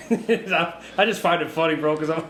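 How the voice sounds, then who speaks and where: A Mexican-born man raised in the US, co-hosting a podcast in relaxed, laughing casual chat. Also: a little high, moderate pace. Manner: laughing, relaxed, says dude and bro. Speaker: podcast co-host. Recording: echoey room with faint noise.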